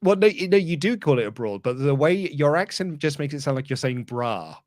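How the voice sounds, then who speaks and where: A man's voice: on the high side, lively intonation, a little fast, a little mellow, no room sound. Chatty man, teasing, dry sound. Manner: chatty, teasing, stumbles and restarts mid-thought. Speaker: guest pundit. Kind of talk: casual podcast chat.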